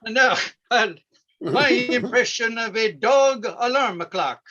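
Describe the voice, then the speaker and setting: Man doing a corny old farm-show host, high and bright, drawn-out folksy delivery, dull lo-fi sound. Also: exaggerated voice. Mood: folksy cheerful. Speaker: stand-up comedian. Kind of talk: character stand-up bit.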